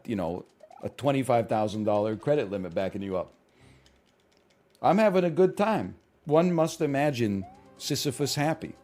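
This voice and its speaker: A man's voice: medium pitch, a little mellow. A young man streaming games, chatting casually in a sarcastic, profane, ranting way. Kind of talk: casual gaming stream chat.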